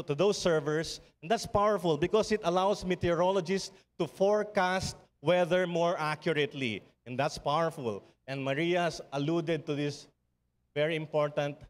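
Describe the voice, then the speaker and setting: A man with a Filipino accent and a fairly high voice gives a passionate speech to an audience, throwing out rhetorical questions and hammering home repeated phrases. He stumbles and restarts now and then. His voice rings out with the long reverb of a large hall. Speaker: speaker at a public forum. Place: event venue with an audience.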